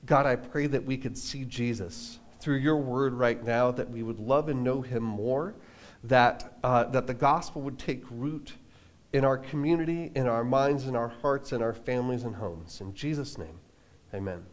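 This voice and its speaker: A man preaching a relaxed sermon at a church service, telling a personal story with casual asides. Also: medium pitch, moderate pace. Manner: casual, self-deprecating, lots of fillers and asides. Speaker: pastor.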